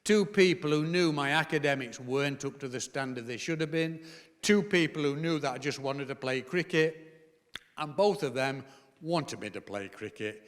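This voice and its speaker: Older Derbyshire man, comic after-dinner storyteller, bright and forceful, long hall reverb. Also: medium pitch. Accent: Northern English, Derbyshire. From Chesterfield, England. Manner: comic, punchy, rhetorical repetition. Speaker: after-dinner speaker, former cricketer. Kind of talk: storytelling speech to an audience. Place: large hall with live audience.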